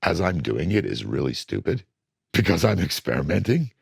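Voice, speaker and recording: Older male producer, very low gravelly voice, husky, lively delivery, dry close sound. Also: moderate pace, no room sound. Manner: animated storytelling, acts out studio voices. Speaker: record producer. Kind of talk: casual interview talk.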